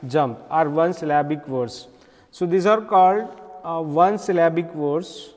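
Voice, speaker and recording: A man with an Indian accent teaching an English lesson, explaining slowly with many pauses and repeated words. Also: a little high, darkish tone, big-room sound. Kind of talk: classroom lecture.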